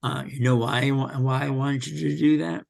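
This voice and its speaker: A man speaking slowly and haltingly as a podcast guest, with many pauses and fillers, telling his story candidly. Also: medium pitch, steady tone, gravelly, darkish tone. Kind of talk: candid personal interview.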